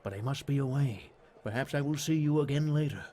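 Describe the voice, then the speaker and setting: A man voicing a calm, courteous male assassin with a measured, formal delivery. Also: mid-range voice, lightly acted.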